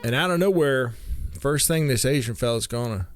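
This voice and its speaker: A man telling a funny family story in a casual, animated way, jumping in pitch as he acts out what people said. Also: normal speed, no room sound. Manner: animated, acts out quotes with big pitch jumps. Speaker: storyteller comedian. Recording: faint guitar music behind.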